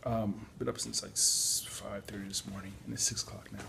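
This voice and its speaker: A man's voice: fairly low pitch, little pitch movement, brisk, vocal fry, background noise. A tired man giving casual, chatty job-search advice, yawning at times and adding apologetic asides. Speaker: podcast host on job search. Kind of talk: casual spoken advice talk.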